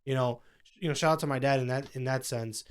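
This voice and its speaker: A man's voice: mid-range voice, steady tone, fast, clean tone. A young man co-hosting a casual podcast chat, rambling with lots of fillers and restarts. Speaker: podcast co-host.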